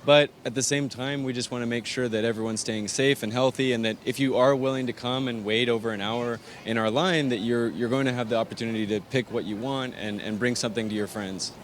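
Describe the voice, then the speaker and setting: A man's voice: medium pitch, fairly even intonation, a little fast, few pauses. A man from Arizona, a pastry chef and bakery owner, explaining his pastries in detail, with fillers, during an on-location interview. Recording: faint outdoor traffic noise.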